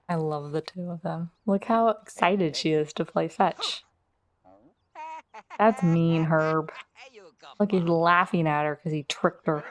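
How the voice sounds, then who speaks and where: Woman host, low-ish voice, easygoing game commentary with asides to her characters. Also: slow, pauses often. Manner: chatty, talks directly to her game characters. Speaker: let's play host. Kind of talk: casual gameplay commentary.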